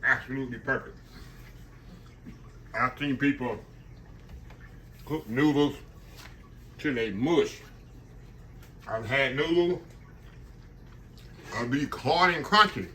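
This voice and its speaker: This older man cooks on camera and chats homespun-style with viewers, calling them "y'all." His mid-range voice is bright and forceful, he takes things slowly and pauses often, and slight background noise is audible.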